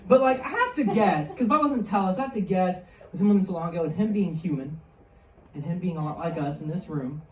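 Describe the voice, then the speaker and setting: A woman's voice: fairly low pitch, quick pace, darkish tone. A woman giving a casual, joking sermon to young people in a church hall. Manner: jokey, chatty, slangy. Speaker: youth speaker. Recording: roomy hall, mic far off.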